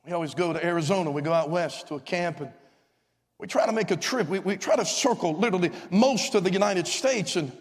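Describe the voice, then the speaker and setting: A man, a visiting evangelist, telling a story in a fervent revival sermon that rises to shouts of praise, recorded in a church. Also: sits high, brisk. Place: church sanctuary. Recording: long church-hall reverb.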